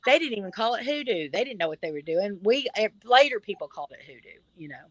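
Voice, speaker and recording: A woman's voice: medium pitch, big pitch swings, fast, no echo, poor audio. A middle-aged woman from the Appalachian Mountains with an Appalachian accent, a guest on a video call, talking bluntly and emphatically. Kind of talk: casual chat.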